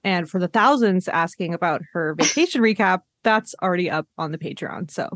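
A woman's voice: fairly low pitch, a little fast, no room sound. Chatty young woman podcast host. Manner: chatty, self-deprecating, frequent "um" and "like". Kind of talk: casual chat. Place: her living room at home.

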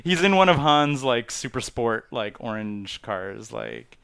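A man talking casually about movies, animated, laughing often and acting out lines from the films. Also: mid-range voice, measured pace, creaky. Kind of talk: casual chat.

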